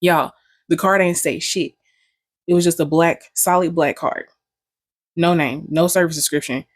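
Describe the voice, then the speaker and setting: A woman's voice: lowish voice, fairly even intonation, a little slow, no room sound. A young woman vlogging, telling stories in a candid, joking way full of profanity. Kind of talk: casual storytelling.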